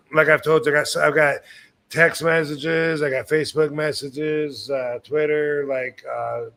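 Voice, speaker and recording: A man's voice: a little high, steady tone, measured pace, vocal fry, pushed and bright. Blunt, rambling male stream host. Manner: rambling and blunt, with crude jokes and many fillers. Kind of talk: casual live-stream chat.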